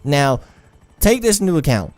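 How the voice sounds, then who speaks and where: A man's voice: a little high, big pitch swings, moderate pace, no room sound. A young man telling a personal story over gameplay in a rambling, profane, frank way. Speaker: gaming storyteller.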